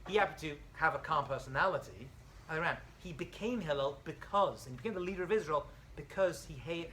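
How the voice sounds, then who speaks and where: A man's voice: fairly high pitch, slight background noise, rough recording. A man, a rabbi, giving an informal college class, telling stories animatedly and joking with students. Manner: animated storyteller, acts out dialogue, jokes with students.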